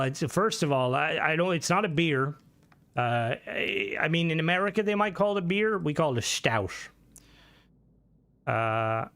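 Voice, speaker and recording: A man's voice: medium pitch, fairly bright tone. A young Irish man chatting casually on a game stream, rambling, swearing freely and answering chat.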